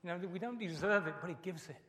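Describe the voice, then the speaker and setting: A man's voice: high-pitched, fast, fairly bright tone, long reverb tail. A middle-aged man preaching a sermon as pastor, earnest and emotional, repeating his key phrases.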